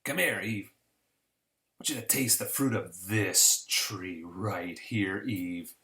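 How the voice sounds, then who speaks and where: A man's voice: low-pitched, slow, bright, forceful tone, pitched below the performer's own voice, heavily acted. Man doing a sly, coaxing serpent.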